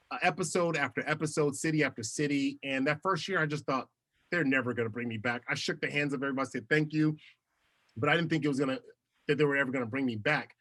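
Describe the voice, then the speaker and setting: An animated American man with a bright voice on the high side tells stories in a casual interview, laughing often. He is a podcast guest and TV host.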